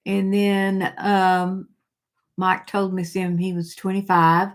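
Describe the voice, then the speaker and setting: A woman's voice: mid-range voice, flat delivery, takes it slowly. A middle-aged woman hosting a casual live chat, rambling and reading viewer comments aloud.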